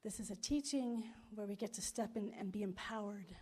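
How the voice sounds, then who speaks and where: A woman's voice: medium pitch, fairly quick, warm tone, breathy edge. A woman pastor delivering a sermon and a spoken prayer to a congregation in a room, repeating phrases in rolling, emphatic lists. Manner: storytelling with acted-out quotes.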